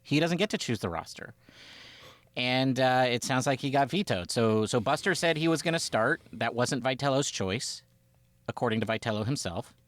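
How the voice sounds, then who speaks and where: A man co-hosting a casual sports podcast, rambling from point to point and acting out quotes. His voice swings widely in pitch, sitting in a middle register. The sound is dry and close. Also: normal speed, no room sound. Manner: animated, rambling, acts out quotes. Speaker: podcast co-host.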